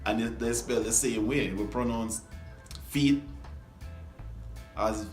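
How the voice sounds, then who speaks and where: Jamaican guy vlogging, real low voice, echoey room. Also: level tone, soft background music. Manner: playful, chuckling, repeats words slowly. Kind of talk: casual vlog explaining pronunciation.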